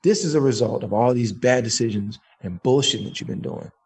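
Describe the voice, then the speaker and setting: A man voicing God as a calm, knowing male spirit who chides and swears, speaking slowly and higher than his own voice. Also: creaky, slightly rough. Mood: stern. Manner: slow, teasing, profane.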